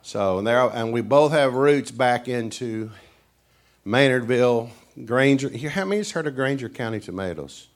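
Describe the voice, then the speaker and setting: A middle-aged man from Tennessee with a strong East Tennessee Southern accent, preaching as a visiting guest. He tells homespun stories to the congregation in a chatty, folksy way. When he acts out the people in his stories, his voice jumps up high. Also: normal speed. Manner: animated storyteller who acts out characters. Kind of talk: folksy sermon storytelling.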